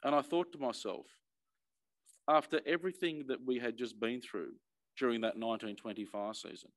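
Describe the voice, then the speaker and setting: A middle-aged Australian man, an emergency services commissioner, gives an earnest personal address in a medium-pitched voice at a moderate pace. He is emphatic and often restarts, repeating words as he does.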